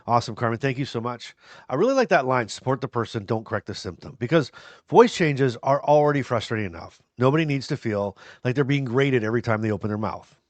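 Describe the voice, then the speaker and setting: A podcast host speaks to his viewers in an earnest, encouraging way, with some self-deprecating humor, in casual talk. His mid-range voice is fast with lively intonation, and there's no room sound.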